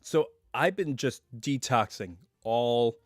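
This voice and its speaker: A slightly hoarse man chats away to his live stream viewers from home, drifting through asides and tangents. His voice sits at an ordinary middle pitch. The sound is close and dry, with no room echo. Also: animated, slow pace. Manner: chatty and rambling, full of asides. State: hoarse, recovering voice. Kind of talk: casual live stream chat.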